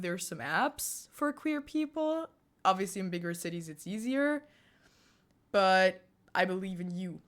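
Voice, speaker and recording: A young woman from Germany chats on a live stream, answering her viewers in an easy, talkative way. She breaks into giggles often. Her voice sits at a middle pitch for a woman. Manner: giggly, chatty, answers chat with frequent laughter. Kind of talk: casual live-stream chat.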